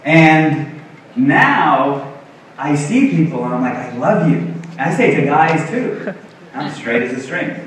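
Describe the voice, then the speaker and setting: A man's voice: fairly high pitch, lively intonation, measured pace, a bit bright, slight background noise. Middle-aged male health coach, self-deprecating stage talk, big reverberant hall, distant mic. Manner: earnest, self-deprecating, acts out quotes. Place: large expo hall stage.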